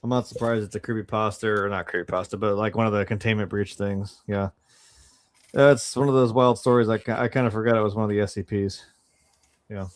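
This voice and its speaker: A man's voice: lowish voice, steady tone, fairly quick. A man co-hosting a casual podcast chat, joking around and swearing freely. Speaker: podcast co-host.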